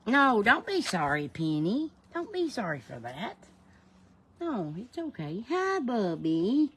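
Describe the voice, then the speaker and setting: On a livestream, a woman reads viewer comments and replies to each by name in a warm, folksy, casual way. Her mid-range voice swings hugely in pitch, sounds fairly bright and moves a little slowly, with a faint hiss or hum.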